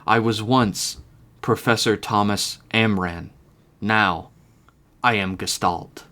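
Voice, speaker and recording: A man voicing a dead professor's corpse that speaks in an emotionless monotone. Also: fairly low pitch. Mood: cold. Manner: monotone, slow and flat. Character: emotionless male corpse voice, an eerie mind.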